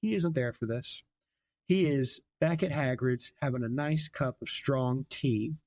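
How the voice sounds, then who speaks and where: A young man hosting a podcast, retelling a book in casual chat, animated and laughing often as he slips into quick character voices. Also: mid-range voice, no echo. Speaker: podcast host.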